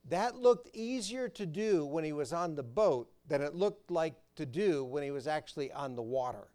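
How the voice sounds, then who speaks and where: A man's voice: fairly high pitch, expressive, moderate pace, hardly any pauses. Man preaching with call-and-fill questions. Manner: asks the congregation to fill in words; swings from loud emphasis to quiet intensity. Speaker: pastor. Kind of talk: sermon.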